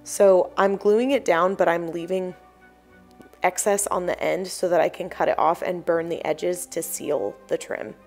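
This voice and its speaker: A young woman hosting a craft channel, talking through each step in a chatty voice-over, a little croaky from the early morning. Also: lowish voice, fairly even intonation, a little slow, darkish tone, faint music behind. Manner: chatty, explanatory, apologetic asides. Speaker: DIY crafts channel host. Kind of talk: voice-over tutorial narration.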